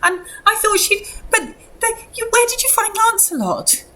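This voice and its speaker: A woman's voice: extremely high pitch, animated, moderate pace, sharp tone, slight background noise, voice pushed up, exaggerated voice. A woman voicing a distraught village mother who pleads and repeats herself. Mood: pleading. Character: frantic grieving village mother.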